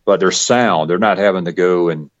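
A man's voice: low-pitched, moderate pace. A middle-aged man with a Georgia Southern accent, chatting casually as a guest, rambling with fillers and frequent chuckles. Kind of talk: casual interview chat. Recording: dull lo-fi recording.

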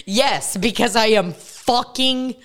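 A woman's voice: on the high side, takes it slowly, fairly bright tone. A woman with a Midwest American accent, co-hosting a casual podcast and telling a crude, exasperated story full of swearing. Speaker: podcast co-host. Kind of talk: casual comedic chat. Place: rented house in California.

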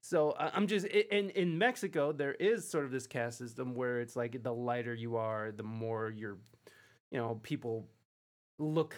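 A man's voice: medium pitch, fairly even intonation, normal speed. Rambling, swearing male host. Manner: profane, rambling, hesitant with many fillers. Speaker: podcast host. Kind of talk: casual interview talk.

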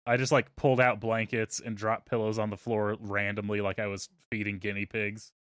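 A man hosting a podcast, telling a story in a relaxed, profane way and trailing off into quiet asides. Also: on the low side, brisk, clean tone, dry recording, clean studio sound. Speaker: podcast host. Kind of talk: casual storytelling.

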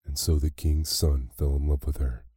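A man narrating a classic fairy tale as a slow, soothing bedtime story. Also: very deep voice, flat delivery, husky, no room sound, studio quality. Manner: slow, soft, soothing reading.

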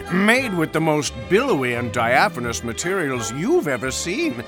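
Man playing fed-up ad announcer, fairly high voice, very lively pitch, slick-to-ranting delivery, music behind. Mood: smooth. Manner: swings between smooth ad-read and profane rant. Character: cranky adult male radio ad announcer, ranting. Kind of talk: comedy audio sketch.

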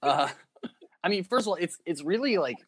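A man from North Alabama, a guest in a casual chat, talking in a relaxed way with lots of "like" filler. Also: sits high, moderate pace, husky, dry recording. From North Alabama, United States. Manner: relaxed, chatty, many fillers like "like".

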